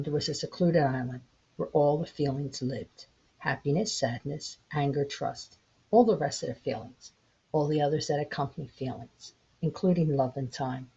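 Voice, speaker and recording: A woman in her sixties hosting her own podcast, gently telling a parable in an unhurried, reflective way. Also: low-pitched, slightly rough. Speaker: podcast host. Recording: dull lo-fi home recording.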